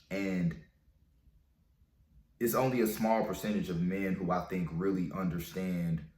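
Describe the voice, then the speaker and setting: A man telling a breakup story and giving dating advice in a casual, slangy, profane way. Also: sits low. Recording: roomy echo.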